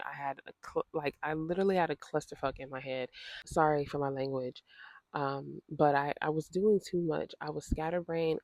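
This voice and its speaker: Woman, vlogger, storytime, gravelly edge, dry close sound, indignant and emotional. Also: low-pitched, a little mellow, no echo. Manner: indignant, emotional retelling with repeated phrases. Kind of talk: storytime vlog.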